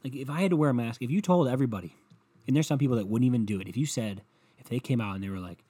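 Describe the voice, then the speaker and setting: A man's voice: medium pitch, rapid-fire, dark tone, slightly rough. A young adult man rambling and ranting at home, sarcastic and full of swearing, in a solo comedic monologue.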